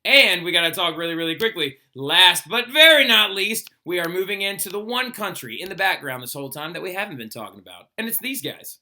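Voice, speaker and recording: A man's voice: high-pitched, animated, fairly quick, few pauses, sharp tone. A man teaching a history lesson in a casual, chatty way, often asking "right?" and filling with "like". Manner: chatty, frequent "like" and "right?" tag questions. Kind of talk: casual recorded classroom lecture.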